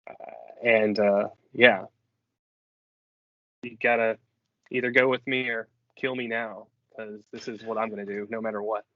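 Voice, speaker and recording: A man's voice: fairly low pitch, flat delivery, measured pace, pauses often, no echo, voice pushed down, lightly acted. A man voicing a stubborn rat-folk sailor. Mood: determined. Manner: firm, pleading. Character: earnest young male rat-folk sailor. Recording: dull lo-fi recording.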